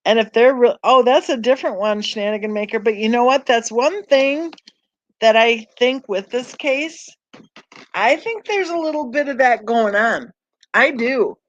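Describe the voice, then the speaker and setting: A woman's voice: a little high, normal speed, lo-fi sound, slight background noise. A woman hosting a casual live-stream chat on a true crime channel, rambling and thinking aloud as she browses, sighing and sounding tired.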